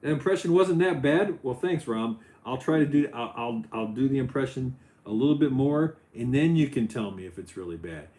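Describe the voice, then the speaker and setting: A middle-aged man hosting a casual Lego building livestream, loose and chatty, his voice jumping up when he gets excited. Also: mid-range voice, moderate pace. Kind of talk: casual chat while building. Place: home office.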